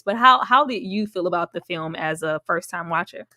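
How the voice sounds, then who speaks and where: A woman hosting a live movie-review stream, bubbly and quick to laugh, greeting viewers by name in casual chat. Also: lowish voice, sharp tone, no echo, studio quality.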